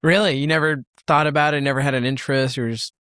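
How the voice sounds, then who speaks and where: A man's voice: mid-range voice, steady tone, fast talker, a bit bright, smooth, dry recording, clean studio sound. Upbeat young male podcast host. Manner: laughs easily, short backchannels. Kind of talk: casual interview.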